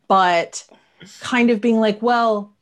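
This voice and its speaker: A woman's voice: on the low side, sing-song, moderate pace, a little hiss or hum. A woman in her thirties, a guest on a podcast, chatting animatedly and laughing often, with frequent restarts. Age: 30s. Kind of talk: casual chat.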